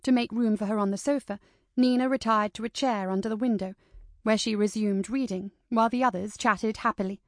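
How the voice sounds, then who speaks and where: A woman reading a historical novel aloud in a measured, even storytelling manner, close to the mic. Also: mid-range voice, no room sound. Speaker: audiobook narrator. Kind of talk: scripted narration of a historical novel.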